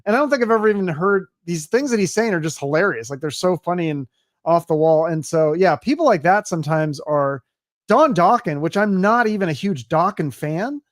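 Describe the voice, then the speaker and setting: A man's voice: high voice, expressive, fairly quick, no echo, clean studio sound. A man hosting a podcast in casual chat, enthusiastic and chatty and swearing casually. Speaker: podcast host.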